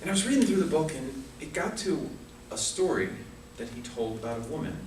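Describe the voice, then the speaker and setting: A man with a slightly high, sing-song voice moves briskly through a prepared comic speech at a speaking club, telling a story with humorous asides. The club meeting room sounds echoey and distant, with a little hiss or hum.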